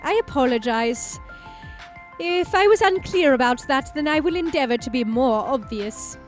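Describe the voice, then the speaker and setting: Stiff, overly formal German men, as a woman puts them on for a video game playthrough. The put-on German accent sits in a fairly high, light voice. Every line comes out stilted and carefully polite. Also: animated, normal speed, soft background music. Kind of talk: let's play character voicing.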